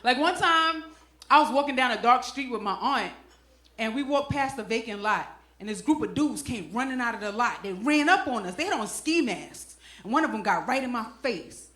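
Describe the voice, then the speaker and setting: A woman's voice: on the high side, lively intonation, normal speed, fairly bright tone, echoey room. A middle-aged woman from Brooklyn, doing a stand-up comedy set with punchy, slangy delivery and asides to the crowd. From Brooklyn, New York. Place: comedy club stage.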